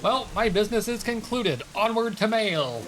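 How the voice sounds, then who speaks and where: A man putting on a cheerful, pompous postman in a higher voice. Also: animated, moderate pace. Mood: chipper, formal. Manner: polite, pompous self-introduction. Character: cheerful formal male letter carrier.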